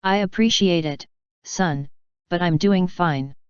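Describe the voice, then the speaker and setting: A woman reading the lines of a kindly, proud older man who gently waves off worry. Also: on the low side, slow pace, smooth, no room sound, highs cut off. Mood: gentle. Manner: gentle, brushes off concern.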